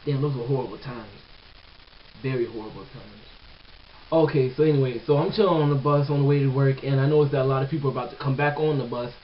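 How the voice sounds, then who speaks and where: A young man vlogging, telling a long story in a loose, animated, profane way with lots of fillers and asides. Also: mid-range voice, fast, a little hiss or hum. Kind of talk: casual storytelling. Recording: distant, dull lo-fi webcam sound.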